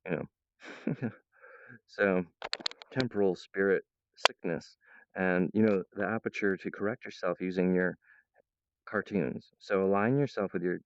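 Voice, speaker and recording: A man rambling to his viewers, jumping between topics and laughing mid-sentence, now and then mimicking others in a high voice. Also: steady tone, a little slow, long pauses, clean tone, no echo, lo-fi sound. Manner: acts out other people's voices in a high pitch.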